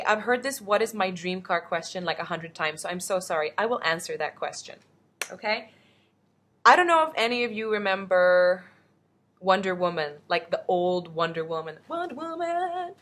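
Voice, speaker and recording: A young actress from the Philippines chats upbeat through fan questions in a casual webcam Q&A, recorded indoors at home and often rambling into asides. Her voice is lowish with a fairly bright tone.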